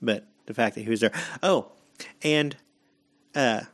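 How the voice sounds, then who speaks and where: A man's voice: medium pitch, a little slow. Profane, casual male podcast co-host. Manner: loose and profane, animated storytelling. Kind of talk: casual chat.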